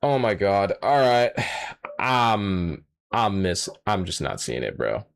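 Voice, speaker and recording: A man's voice: fairly low pitch, lively intonation, measured pace, creaky. A young man streaming a live reaction, talking casually to his chat, swearing and sounding exasperated. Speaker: streamer reacting to a manga chapter.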